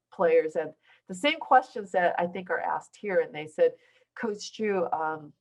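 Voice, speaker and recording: A woman's voice: on the low side, darkish tone, low-quality recording. A middle-aged woman from southern China, a basketball coach, tells stories to an audience in a casual way, full of restarts and fillers. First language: Taiwanese. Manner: conversational storytelling with many restarts and fillers. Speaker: basketball coach giving a talk. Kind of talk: informal speech to an audience. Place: university lecture hall.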